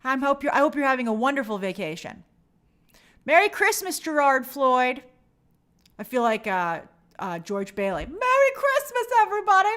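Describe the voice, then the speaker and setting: Upbeat high-voiced woman host. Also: lively intonation, moderate pace, pauses often, a bit bright. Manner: upbeat, chatty, reads viewer comments aloud. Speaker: host reading live chat. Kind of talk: casual livestream chat.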